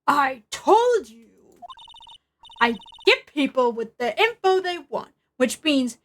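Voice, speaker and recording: A brash, pushy journalist woman with a Southern US drawl, as a woman puts her on for a game read-aloud. The voice is high-pitched and bright. She talks at a slow, insistent pace. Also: sing-song, a little hiss or hum, heavily acted. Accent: Southern US (put on).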